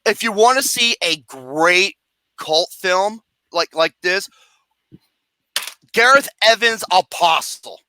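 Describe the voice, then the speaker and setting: Ranting about a film with profanity and sarcasm, a movie review host stays animated and laughs often in this comedic tirade. The voice is medium in pitch and slow-paced. Slight background noise can be heard.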